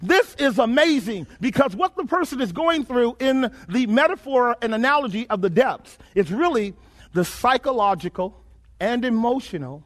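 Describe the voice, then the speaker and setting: A male preacher delivering a sermon in a call-and-response style, repeating his phrases and rising to shouts. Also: very high voice, animated, normal speed.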